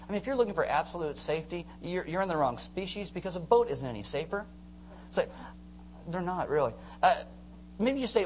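Pastor, animated sermon, casual slang, acts out voices, faint hum underneath. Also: medium pitch, fast talker, low-quality recording.

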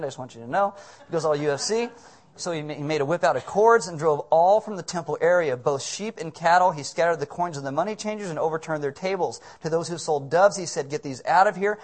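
Pastor, man, preaching; emphatic and jokey, repeats key lines. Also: on the high side. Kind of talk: sermon.

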